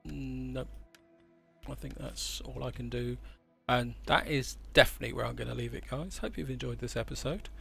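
A man hosting a gaming channel, chatting casually as he thinks aloud through his choices in a strategy game. His voice has a gravelly edge, and clear game music plays behind him. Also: mid-range voice, normal speed, a bit bright. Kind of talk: casual gameplay commentary.

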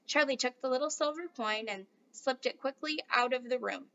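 Bright, high woman reading a storybook. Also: moderate pace, vocal fry, muffled recording. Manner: warm, friendly address to listeners. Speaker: teacher reading aloud. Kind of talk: storybook read-aloud.

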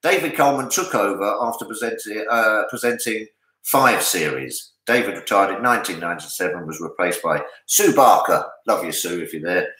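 A man's voice: on the low side, expressive, bright, forceful tone. Jokey Englishman hosting a pub quiz. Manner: jokey, chatty, reads answers slowly. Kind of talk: casual charity quiz hosting. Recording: echoey room.

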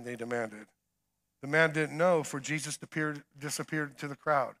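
A middle-aged man preaching a sermon, swinging between emphatic calls and quiet storytelling. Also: a little high, moderate pace. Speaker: guest preacher.

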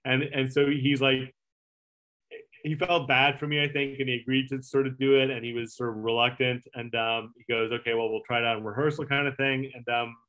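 In a casual storytelling interview, a middle-aged ex-late-night segment producer recounts a long anecdote in a medium-pitched, fairly bright voice. He rambles, curses, uses plenty of filler words, and performs the dialogue.

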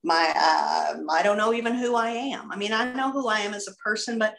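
A middle-aged woman giving a personal testimony over a video call, an animated storyteller who acts out the dialogue. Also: medium pitch, fairly quick, gravelly, reverberant. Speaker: ministry speaker giving testimony. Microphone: video call computer mic.

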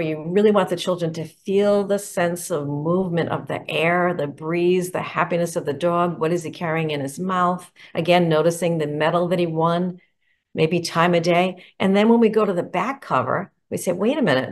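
Middle-aged woman educator, enthusiastic instructional delivery, slightly low pitch. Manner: enthusiastic, explanatory, poses questions. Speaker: educator presenting picture books. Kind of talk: instructional talk to teachers.

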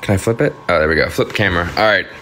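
A man's voice: low-pitched, rapid-fire, a bit bright, slight background noise. A young man chatting casually on a phone livestream at home, reading out viewer comments and thanking them for gifts.

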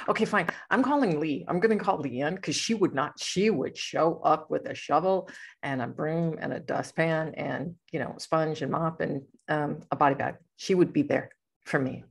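Woman podcast host, lower voice, husky, giggly and rambling. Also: normal speed. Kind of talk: casual chat.

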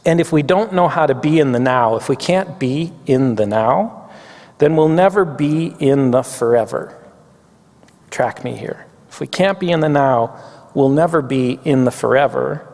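A man preaching a chapel sermon, reading poetry slowly and reflectively, getting a little weepy. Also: on the high side, vocal fry, darkish tone. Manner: reflective, reads poetry slowly, tearful at times. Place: campus chapel. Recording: long hall reverb.

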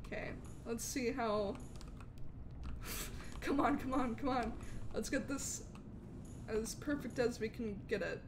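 A woman streaming a game live, excitable and chatting with viewers, with hiccups. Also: a little high, takes it slowly, long pauses, noisy background. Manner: excitable, talks to chat, frequent outbursts. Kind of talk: live gameplay commentary.

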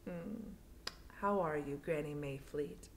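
A woman voicing a tired woman doctor who speaks in a calm, matter-of-fact way, read from a storybook. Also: deep voice, takes it slowly, slight background noise. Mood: weary.

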